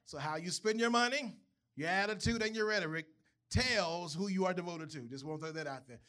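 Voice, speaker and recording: Bright, high-voiced pastor preaching. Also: male voice, fairly quick. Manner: conversational, asks the congregation questions. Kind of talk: sermon. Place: church.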